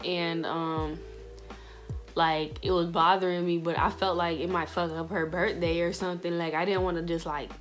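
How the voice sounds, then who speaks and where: Young woman vlogger, lowish voice, chatty and slangy, many fillers. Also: little pitch movement, normal speed, soft background music. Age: young adult. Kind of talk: casual storytelling vlog.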